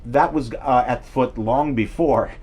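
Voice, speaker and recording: A man's voice: medium pitch, unhurried, a little mellow, slight background noise. A middle-aged man hosting a live stream, telling rambling self-deprecating stories and answering viewer comments. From New York City area. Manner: digressive storyteller, chatty, self-deprecating, reads viewer comments aloud. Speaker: livestream host.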